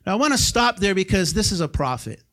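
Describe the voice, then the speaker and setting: A middle-aged man preaching in a church sanctuary, his voice sitting a little high for a man. He talks to the congregation like a friend, with bursts of loud emphasis and then quiet, hushed lines. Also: big pitch swings, fast talker. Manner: conversational preaching with sudden shouted peaks and hushed drops. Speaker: guest pastor. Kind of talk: sermon.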